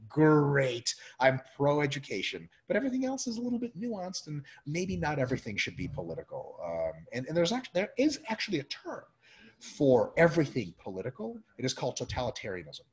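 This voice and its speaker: A man's voice: a little high, a little fast, rough recording. A man from Russia, a podcast guest, talking bluntly and with plenty of swearing and filler words in a casual conversation. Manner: animated, blunt and profane, with lots of filler words.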